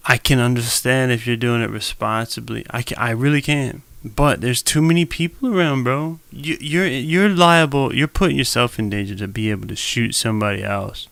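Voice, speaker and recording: A man's voice: medium pitch, normal speed, creaky, few pauses, fairly bright tone, dry recording. A young man giving loose, slangy reaction commentary on a live stream, talking straight to viewers into a desk mic.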